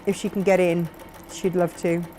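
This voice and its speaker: A woman's voice: fairly low pitch, level tone, moderate pace, dark tone, slight background noise. A woman co-hosting a live crafting show, reading out viewer comments and chatting cheerfully. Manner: cheerful, reads comments aloud, laughs easily. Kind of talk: casual chat.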